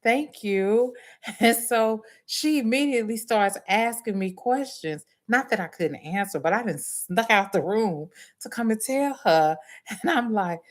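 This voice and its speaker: A woman's voice: fairly high pitch, measured pace. A woman, animatedly telling her viewers a story and laughing often. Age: adult nursing student. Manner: animated, laughs often, Southern US dialect grammar. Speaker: livestream host.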